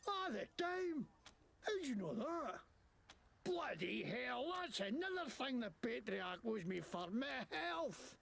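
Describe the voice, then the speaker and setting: A gravelly, foul-mouthed thug in a video game, whining and blustering in a put-on Scottish accent. His voice sits high and swings wildly up and down. Faint ambience hums behind him. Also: big pitch swings, fairly bright tone, heavily acted. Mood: defensive. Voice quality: gravelly, coarse and cursing. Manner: whiny, self-pitying, quick to bluster. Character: crude bitter male thug faking a Scottish accent.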